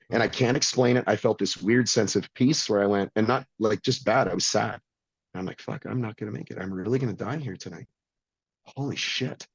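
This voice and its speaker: A man's voice: mid-range voice, no echo, highs cut off. A middle-aged man telling a blunt, intense personal story as a podcast guest, swearing freely. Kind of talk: candid storytelling.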